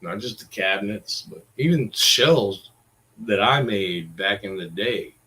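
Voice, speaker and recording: A man's voice: on the low side, measured pace, pushed and bright, rough recording. A man in his forties ranting in a rambling, exasperated way, full of curses. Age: 40s. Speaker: vlogger. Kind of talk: casual ranting monologue.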